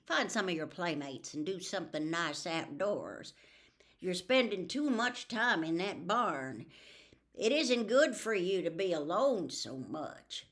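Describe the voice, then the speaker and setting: A woman's voice: lowish voice, expressive, slow pace, fairly bright tone, voice pushed up. A worried middle-aged farm mother from a storybook, fretful and anxious, her voice rising and falling. A woman reads her.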